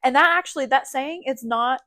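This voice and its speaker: A woman's voice: high voice, brisk, bright, forceful tone. A woman co-hosting a podcast, speaking in a casual, emphatic and opinionated way. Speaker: podcast co-host. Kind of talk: casual chat.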